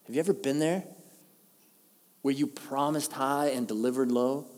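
A man's voice: mid-range voice, normal speed. Pastor guy preaching, acts out the quotes, big echoey hall. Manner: animated storytelling, acts out quoted lines. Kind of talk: sermon. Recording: long hall reverb.

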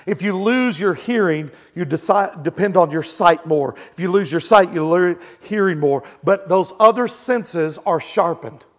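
High-voiced man preaching conversationally. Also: a little slow, few pauses. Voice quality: blind in one eye. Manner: conversational preaching, building to shouted quotes. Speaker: pastor. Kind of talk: sermon.

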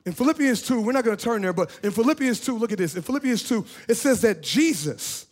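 A man preaching a sermon as pastor, with sudden swings between shouting and hushed lines, repeating his phrases and laughing in bursts. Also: extremely high pitch, lively intonation, quick pace.

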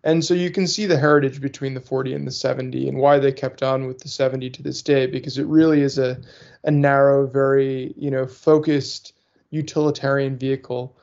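A man's voice: medium pitch, level tone, brisk, gravelly, a little mellow. A man co-hosting a car podcast in casual chat, rambling with many fillers and restarts. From northeastern US. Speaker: podcast co-host. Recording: muffled lo-fi audio.

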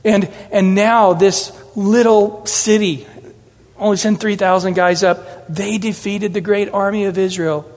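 A man preaches through a Bible passage in a high voice, acting out the quoted words with shifting inflections. His voice rings with the long reverb of a large hall. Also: unhurried. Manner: animated, acts out scripture quotes with changing inflections. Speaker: pastor. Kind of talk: expository sermon.

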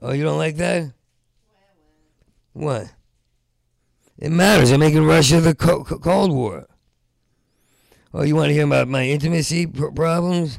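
Stand-up comic, male: heavy vocal fry, dry sound, stuttering and ranting. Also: medium pitch, no room sound. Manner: rambling, stuttering restarts, rising into loud rants. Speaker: stand-up comedian. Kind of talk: stand-up comedy set.

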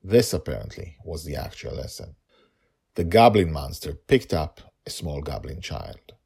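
A man's voice: extremely low pitch, expressive, normal speed, creaky, darkish tone, slightly rough. A man narrating a story and reflecting on it in an emotional, thoughtful way.

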